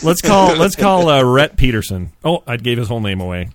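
A man's voice: medium pitch, very animated, a little fast, noisy background. A man hosting a casual comedy talk show, joking and laughing often as he chats and phones a caller. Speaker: show host.

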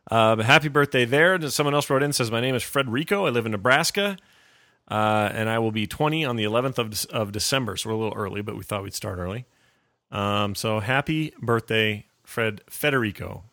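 A man's voice: on the low side, fairly quick, sharp tone, dry recording, clean studio sound. A man hosting a casual podcast, joking, laughing often and rambling through asides. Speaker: podcast host.

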